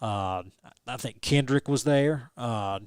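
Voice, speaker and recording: A young adult man, a guest telling a story in an animated, restarting way. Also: mid-range voice, slow, clear, resonant tone, no echo, clean studio sound. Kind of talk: casual storytelling interview.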